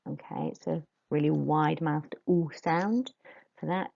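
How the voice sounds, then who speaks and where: A woman teaching a French pronunciation lesson to pupils, modelling words slowly for them to repeat. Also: low voice, vocal fry, muffled recording.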